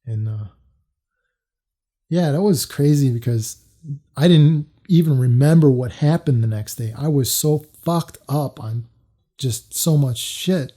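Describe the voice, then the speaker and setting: A man's voice: medium pitch, measured pace, mellow. A man telling a personal story to camera in a loose, casual way, full of fillers and restarts. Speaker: storytelling vlogger.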